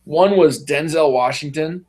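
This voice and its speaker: A man with a fairly high voice chats casually on a podcast. He tells movie stories with animation and jumps into voices for the characters as he goes. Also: measured pace, slight background noise. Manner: animated storyteller who acts out movie scenes in voices. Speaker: podcast co-host. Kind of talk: casual chat.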